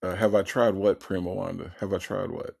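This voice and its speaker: A man's voice: deep voice, fairly quick, creaky, slightly rough. A man hosting a casual live stream, reading viewer chat and commenting bluntly with coarse language and frequent laughter. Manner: animated, blunt, profane, laughs often. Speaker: livestream host.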